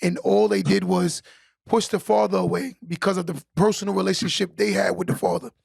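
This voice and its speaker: A man with a fairly high, heavily gravelly voice making earnest points in a casual podcast chat. He builds each argument with a questioning "right?" and sounds close and dry, with no room around him. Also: lively intonation, a little fast, darkish tone, dry recording. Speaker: podcast conversation partner.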